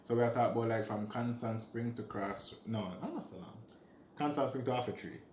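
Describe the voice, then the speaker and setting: A man's voice: mid-range voice, fairly quick, roomy sound, a little hiss or hum. A man with a Jamaican accent chatting casually in easygoing banter with his partner. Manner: easygoing banter, lively when quoting people. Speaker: vlogger. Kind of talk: casual chat.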